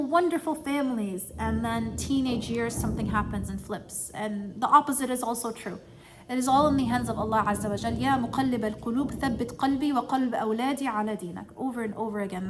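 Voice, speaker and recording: A woman's voice: on the high side, normal speed. A woman in her thirties giving an informal religious talk to a group, conversational and sprinkled with Arabic phrases. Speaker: religious class teacher. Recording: faint background noise.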